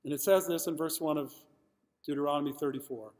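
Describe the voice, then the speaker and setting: A man preaches in a church sanctuary, with a voice that sits a little high for a man. He preaches expressively, leaning hard into some words and dropping low and quiet on others. The long reverb of the hall hangs behind him. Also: quick pace. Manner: expressive, swings from loud to quiet for emphasis. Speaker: pastor. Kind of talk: sermon.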